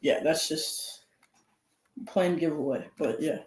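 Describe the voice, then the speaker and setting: A man's voice: on the high side, slow, background noise. A young man co-hosting a casual sports podcast, laid-back and hesitant, thinking aloud as he goes. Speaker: podcast co-host. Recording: echoey room.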